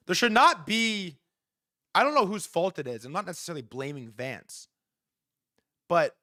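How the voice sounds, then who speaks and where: A young man in his twenties hosting a live stream, talking in a profane, excitable, rambling way. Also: on the high side, dry recording, clean studio sound. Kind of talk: casual live commentary.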